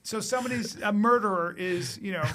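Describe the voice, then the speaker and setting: A man's voice: sits high, brisk, pushed and bright. A man appearing as a guest comedian on a podcast, telling stories in casual chat with a punchy, profane delivery. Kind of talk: animated storytelling in casual chat.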